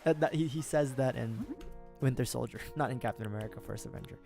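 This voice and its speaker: A man's voice: mid-range voice, quick pace, vocal fry. A man chatting casually through a gaming livestream, rambling and correcting himself, often chuckling. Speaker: streamer. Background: game music.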